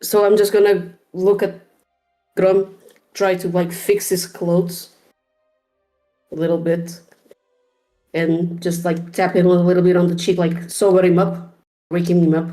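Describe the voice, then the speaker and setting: A woman's voice: fairly low pitch, flat delivery, a little slow, pauses often, mellow, faint music behind. A woman player chatting playfully while describing her character's actions. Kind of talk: casual tabletop game banter.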